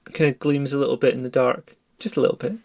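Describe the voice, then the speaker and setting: A man narrating as game master of a tabletop horror game, in a calm, descriptive way. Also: medium pitch, rapid-fire, creaky.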